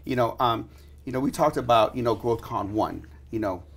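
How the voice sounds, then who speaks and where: A man hosting a casual interview, telling stories excitedly and leaning heavily on filler words. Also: medium pitch, normal speed. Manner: excitable storyteller, heavy "you know" fillers. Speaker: podcast host.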